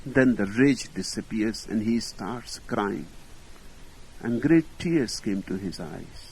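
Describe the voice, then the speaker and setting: A man as a spiritual teacher telling a story in a slow, deliberate discourse with long pauses. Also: fairly low pitch, lively intonation, vocal fry, a little hiss or hum, rough recording.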